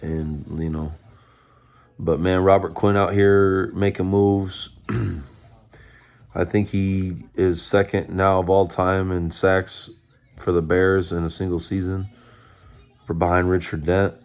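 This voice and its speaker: A man's voice: low-pitched, little pitch movement, takes it slowly, pauses often, darkish tone. A man giving a profane, fired-up rant as a sports fan, mocking others with put-on quotes. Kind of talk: ranting fan commentary.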